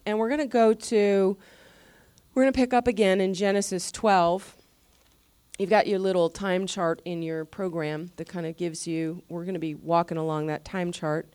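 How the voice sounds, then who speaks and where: A woman pastor preaching a sermon in a conversational, animated way, often restarting and adding asides. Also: on the low side, smooth, no room sound.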